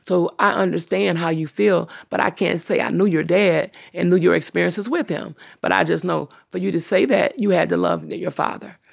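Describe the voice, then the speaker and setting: A woman's voice: lowish voice, normal speed, vocal fry, few pauses, husky. A middle-aged woman hosting her own livestream, talking at length in a blunt, profane, long-winded way. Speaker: channel host livestreaming. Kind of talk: unscripted livestream rant.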